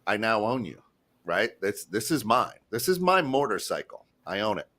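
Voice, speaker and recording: Bright-voiced man hosting a chat show. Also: lowish voice, sing-song, moderate pace. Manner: emphatic, keeps asking "right?". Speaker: talk show host. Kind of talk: casual chat.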